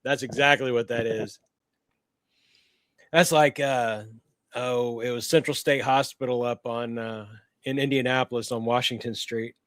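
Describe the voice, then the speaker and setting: A man's voice: mid-range voice, fairly even intonation, unhurried, a bit bright, no room sound. A man with a Midwestern American accent, co-hosting a paranormal podcast, chatting in an easygoing, joking way. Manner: easygoing, joking, chimes in with short replies. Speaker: paranormal investigator and podcast co-host. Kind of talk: casual chat.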